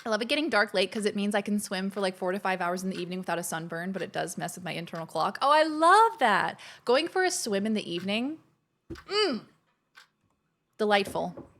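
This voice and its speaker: A young adult woman talks fast in an animated, mid-range voice while running a casual live game stream. Bubbly and chatty, she gushes whenever she greets viewers.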